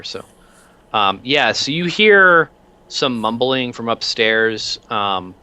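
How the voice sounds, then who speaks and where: A man runs a tabletop game as its game master and narrates in a rambling, animated way full of fillers. His voice is low and bright.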